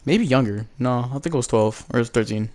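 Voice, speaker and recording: A young man hosts his own channel and rambles through a story, leaning on "like" at every turn. He swears casually and restarts his sentences. His voice sits at a middle pitch. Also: brisk, a little mellow. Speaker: channel host. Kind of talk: storytime vlog.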